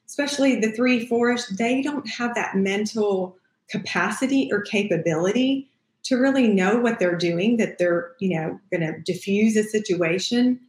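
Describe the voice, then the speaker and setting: A middle-aged woman hosting a parenting podcast as a child therapist, talking casually and acting out the things she says to kids. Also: fairly high pitch. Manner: warm, conversational, acts out what she says to kids. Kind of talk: casual advice talk. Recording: echoey room.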